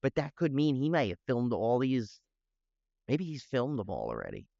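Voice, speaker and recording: A man co-hosting a podcast in casual chat, rambling and animated with many restarts. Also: mid-range voice, moderate pace, vocal fry, dry recording, lo-fi sound. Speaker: podcast co-host.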